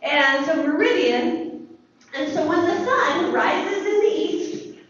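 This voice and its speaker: A woman teaching a lively classroom lesson, asking the students questions and praising their answers. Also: very high voice, slow pace, a little hiss or hum. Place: school classroom. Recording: echoey classroom from far off, dull.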